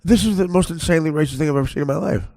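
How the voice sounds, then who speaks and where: Gravelly, stammering male podcast host. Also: fairly high pitch, very fast, a little mellow, dry recording, studio quality. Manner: rambling, stammering, laughing at his own jokes. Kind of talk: crude comedic storytelling.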